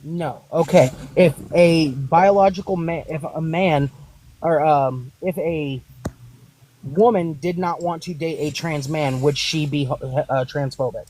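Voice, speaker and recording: A man's voice: fairly high pitch, slow pace, darkish tone, slight background noise, rough recording. A man hosting a heated online debate, pressing his point with pointed rhetorical questions.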